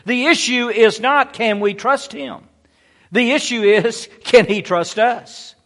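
A middle-aged male pastor with a notably high voice delivers a sermon. He preaches emphatically and tells stories dramatically, stressing key words. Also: slow pace, fairly bright tone, a little hiss or hum.

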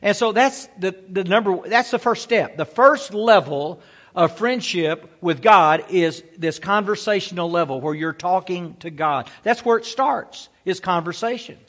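A man's voice: sits high, lively intonation, a little slow, a bit bright, big-room sound. A male pastor preaching a sermon, exhorting his listeners with rhetorical questions and frequent "amen" calls.

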